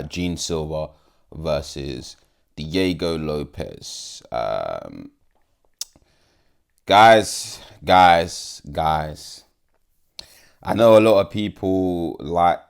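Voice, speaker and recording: Low-pitched man, casual fight vlogger, blunt and profane, restarts often. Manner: blunt, profane, repeats himself. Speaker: MMA YouTuber. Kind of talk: casual fight prediction vlog.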